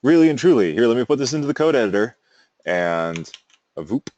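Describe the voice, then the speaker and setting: A man's voice: mid-range voice, sing-song, fairly quick, darkish tone, no room sound, muffled recording. A male teacher giving a casual classroom lecture, wandering into amused side stories. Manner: casual, rambling, self-amused asides.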